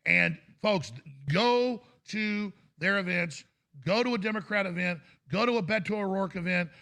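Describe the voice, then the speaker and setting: Ranting talk show host, gravelly and high. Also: male voice, moderate pace. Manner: ranting, fervent, bursts into shouted impressions. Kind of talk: impassioned talk show rant.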